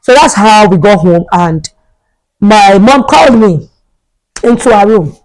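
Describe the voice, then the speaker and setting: A woman's voice: mid-range voice, expressive, measured pace, darkish tone, rough recording. A young adult woman, a vlogger telling a storytime tale in a chatty way and repeating herself for emphasis. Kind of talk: storytime vlog.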